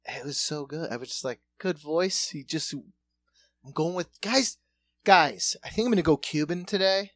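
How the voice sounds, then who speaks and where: A man co-hosting a casual podcast, telling a story in an animated, profane way. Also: fairly high pitch, moderate pace. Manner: animated, profane, lots of fillers.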